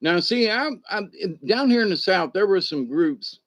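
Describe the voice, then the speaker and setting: A man's voice: sits high, lively intonation, normal speed, a bit bright, no room sound. A man talking in a casual, rambling monologue, often restarting sentences and acting out imagined conversations. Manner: rambling, acts out imagined back-and-forth conversations; many restarts and repeated words. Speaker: commentator.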